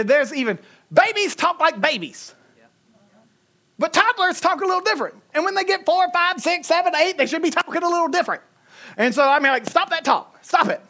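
A woman with a Southern US accent preaching a sermon, emphatic and humorous, swinging between loud and soft. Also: high-pitched. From Southern United States.

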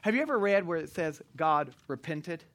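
A pastor preaching to a congregation in church, animated and joking, sometimes shouting. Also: male voice, fairly high pitch, normal speed. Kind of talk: sermon.

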